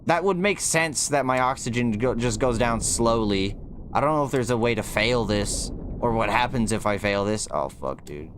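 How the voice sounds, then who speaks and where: A man's voice: mid-range voice, normal speed, a bit bright, a little hiss or hum. A young man streaming a game, talking nervously to himself and his chat and swearing as he plays. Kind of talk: gaming livestream commentary.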